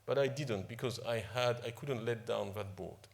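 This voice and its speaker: At an awards ceremony, an Ivorian company CEO whose native tongue is French speaks informally at a moderate pace in a gravelly, medium-pitched voice. Emotional and ready to joke at his own expense, he restarts frequently and repeats words.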